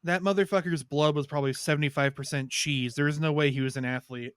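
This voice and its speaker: Rambling crude storyteller, smooth dry voice. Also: male voice, a little high, steady tone, fast talker, dry recording. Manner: rambling storyteller, loud shouted impressions. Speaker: podcast co-host. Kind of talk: casual crude chat.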